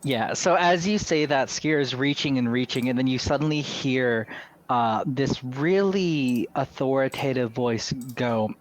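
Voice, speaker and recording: A man's voice: mid-range voice, measured pace. A man narrating as game master of a tabletop game, playful and descriptive.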